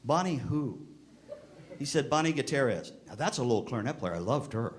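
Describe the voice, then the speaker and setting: Speaking briskly and expressively in a mid-range voice, a middle-aged keynote speaker tells stories to band directors live in a convention hall, performing the characters' voices. A little hiss or hum sits in the audio.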